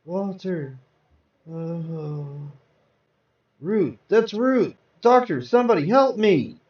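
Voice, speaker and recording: A man's voice: on the high side, sing-song, slow pace. A man reading aloud, voicing a young husband frantic with grief in a hospital, with pleading, panicked outbursts. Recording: roomy, distant, dull sound.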